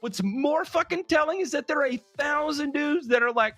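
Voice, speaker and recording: A man's voice: extremely high pitch, moderate pace, few pauses, sharp tone, dry recording. A man co-hosting a podcast in casual banter, laughing often and swearing freely. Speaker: podcast co-host.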